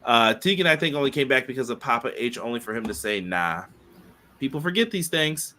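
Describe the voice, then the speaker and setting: Bright-voiced dude cohosting a podcast, chill chatty, reads out comments. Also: male voice, mid-range voice, lively intonation, brisk. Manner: conversational, reads viewer comments aloud. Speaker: podcast co-host. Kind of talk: casual podcast chat.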